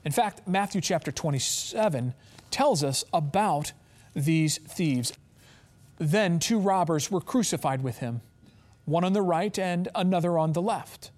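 A man preaching as pastor, reading scripture aloud and stressing phrases with slow, drawn-out emphasis. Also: high-pitched, lively intonation, a little mellow. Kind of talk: sermon.

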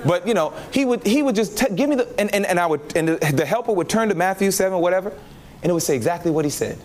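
A man preaching his testimony, telling the story in an animated way and acting out his own reactions. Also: sits high, fast talker. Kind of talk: testimony sermon.

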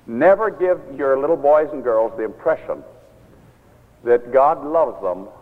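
An older man preaching a sermon as a minister, animated, sometimes stern, often acting out what others say. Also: mid-range voice, measured pace. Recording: tinny phone-like sound in a large reverberant hall.

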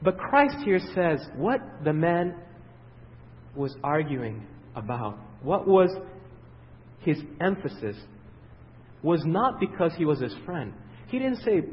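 Guy preaching in a big echoey hall, kinda highish voice, asks the crowd stuff and waits for answers. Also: big pitch swings. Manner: asks the audience questions and pauses for their answers; swings between loud emphatic peaks and quiet low passages. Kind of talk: sermon. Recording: dull, reverberant hall sound.

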